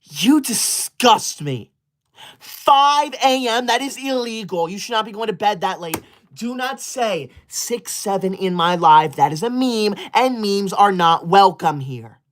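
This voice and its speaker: A performer doing a strict, self-important young streamer who lays down the rules and scolds rude viewers in a huffy, indignant tone. The voice sits at a middling pitch and fits a comedic character livestream. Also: lively intonation, measured pace, close to an everyday voice. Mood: outraged. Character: prim bossy young streamer obsessed with school. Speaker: livestream host reading super chats.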